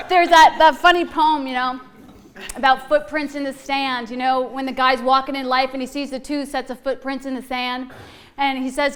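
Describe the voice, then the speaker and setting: A woman's voice: high voice, fairly even intonation, moderate pace, slight background noise. A middle-aged woman giving a heartfelt inspirational Easter talk, earnest and laughing often, repeating phrases for emphasis.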